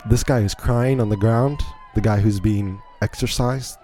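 A man's voice: on the low side, steady tone, measured pace, dark tone. A man hosting a podcast, giving incredulous, rambling play-by-play commentary on a video in a casual way. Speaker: podcast host.

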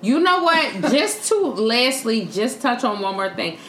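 A woman co-hosting a podcast in casual chat, relaxed, with dry asides as she recounts news. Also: a little high, measured pace, echoey room, a little hiss or hum. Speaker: podcast co-host.

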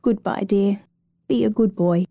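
Woman reading a gentle fond foster mom, warm voice, dry sound. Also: medium pitch, fairly even intonation, a little slow, dry recording. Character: fond foster mother saying goodbye.

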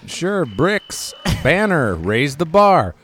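A man's voice: on the high side, slow, faint music behind. A man calling a basketball game as a comedy co-host, riffing and joking between plays. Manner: jokey, riffing, animated calls. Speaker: play-by-play co-host.

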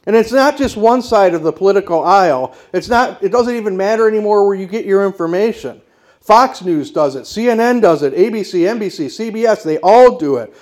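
A male pastor delivering a sermon in a fairly high voice. He speaks in firm, declarative statements and puts rhetorical questions to his congregation. His delivery is emphatic and insistent. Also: darkish tone.

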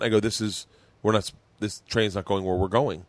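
A man's voice: lowish voice, fairly even intonation, quick pace, no echo. A man hosting a podcast, telling stories in casual chat and acting out other people's lines as he goes. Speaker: podcast host.

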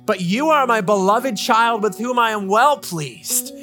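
A man's voice: high-pitched, expressive, a little slow, sharp tone, soft background music, pitched above the performer's own voice, exaggerated voice. A man voicing God as a patient, loving heavenly father who speaks tenderly and reassuringly.

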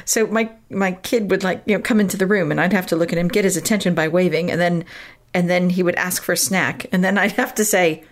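A woman's voice: lowish voice, steady tone, fairly quick. A woman hosting a parenting podcast, telling a personal story in an earnest, reflective way and laughing now and then. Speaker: podcast host.

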